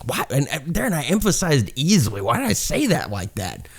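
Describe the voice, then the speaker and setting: This Southern-accented man from South Carolina reviews guns in a loose, rambling way, cursing, poking fun at himself and chuckling at his own jokes. His voice sits on the high side with huge pitch swings, runs a little fast, and has vocal fry and a breathy edge.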